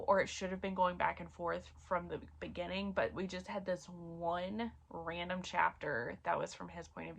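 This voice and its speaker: This book reviewer has a fairly low, creaky voice with a fairly bright tone. She chats informally about romance reads, leaning on many fillers, and gets choked up discussing a series she loves.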